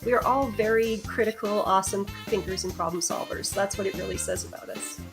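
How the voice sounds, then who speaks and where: A cheerful woman guest, an academic, chats eagerly on a gaming show. Her voice sits mid-pitch, with clear music playing behind her. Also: a little fast. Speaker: guest sociologist. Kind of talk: casual chat.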